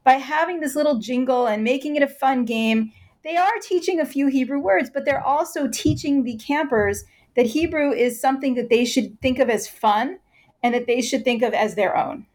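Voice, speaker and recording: A woman guest in an interview, explaining her field fluently and walking through examples. Her voice sits a little higher than most, with an even, articulate delivery. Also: normal speed. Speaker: expert guest.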